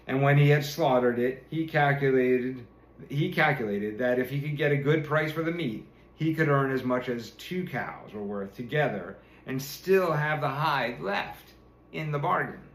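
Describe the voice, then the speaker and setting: A man's voice: medium pitch, normal speed. Man reading a fairy tale aloud. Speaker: storyteller. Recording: roomy echo.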